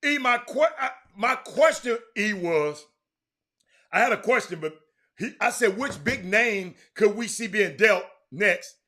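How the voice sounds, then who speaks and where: A man's voice: sits high, lively intonation, unhurried, bright, forceful tone. A middle-aged man hosts a casual sports talk stream, reading viewer comments aloud and often dropping to a mutter. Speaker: sports talk show host.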